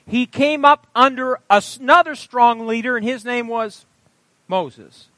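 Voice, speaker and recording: A man preaching a sermon and reading scripture aloud, with emphatic delivery. He quizzes the congregation in call-and-response and swings between loud proclamation and quiet asides. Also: extremely high pitch, slow, no room sound. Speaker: pastor.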